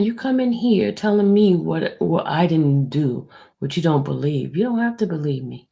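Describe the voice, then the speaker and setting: A woman hosting a livestream, speaking low and hushed, near a whisper, and answering her viewers in a blunt, defensive way. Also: lively intonation, normal speed, gravelly. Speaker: livestream host. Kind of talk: livestream talk answering the chat.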